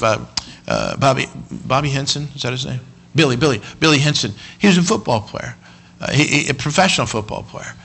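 A male preacher, giving a sermon that swings from quiet talk to shouted emphasis, often stumbling and repeating words. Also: a little high, vocal fry, rough recording.

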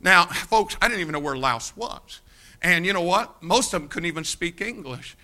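A man from the United States preaching a sermon, telling an animated personal anecdote and addressing the congregation directly. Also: sits high, normal speed. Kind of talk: sermon storytelling.

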